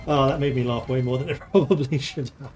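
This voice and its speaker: A man's voice: mid-range voice, darkish tone. Man chatting through a strategy game. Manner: thinking aloud, chatty and playful. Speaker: game streamer. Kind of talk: casual gameplay commentary.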